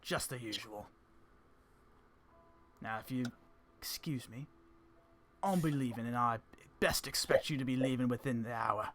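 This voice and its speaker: A man doing a gruff proud half-orc chieftain. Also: mid-range voice, a little slow, long pauses, a bit bright, a little hiss or hum, lightly acted. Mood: curt. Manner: curt, dismissive.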